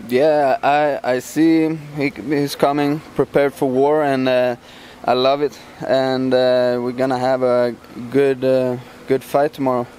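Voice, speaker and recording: A man from Sweden, a professional fighter, answering interview questions casually in English, halting with many fillers and restarts. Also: mid-range voice, little pitch movement, darkish tone, a little hiss or hum. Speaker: MMA fighter, champion.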